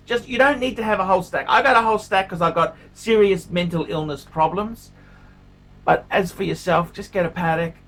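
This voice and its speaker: A man's voice: high voice, a bit bright. A man hosting his own watch-review vlog, talking casually and emphatically, repeating himself and mixing crude jokes with pleading asides. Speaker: watch reviewer, channel host. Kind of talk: casual unscripted vlog monologue.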